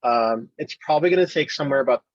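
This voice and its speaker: A man answering questions on a video call, measured and a little halting. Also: mid-range voice, no room sound. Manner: measured, with frequent uh and um. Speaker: service dog trainer. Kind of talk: casual Zoom chat. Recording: dull lo-fi call audio.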